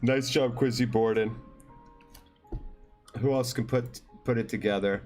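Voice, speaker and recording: The host of this casual live online quiz has a mid-range, slightly mellow voice, fairly even intonation, and a measured pace. Over faint music he keeps things loose and joking, teasing teams by name as he gives out points.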